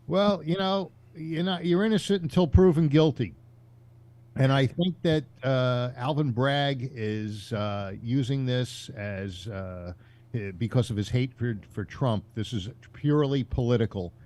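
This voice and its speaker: Halting man with many fillers. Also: mid-range voice, darkish tone. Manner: halting, many fillers, defends his view. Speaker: call-in show panelist. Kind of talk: casual political chat. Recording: video call audio.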